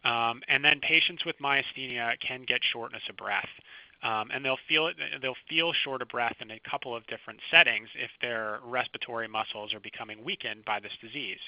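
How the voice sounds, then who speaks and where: A man, a physician, giving a recorded medical lecture over slides, explaining clinical signs in a calm, teaching manner. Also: mid-range voice, fairly quick, dry recording. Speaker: physician lecturing first responders. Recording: dry, slightly dull close recording.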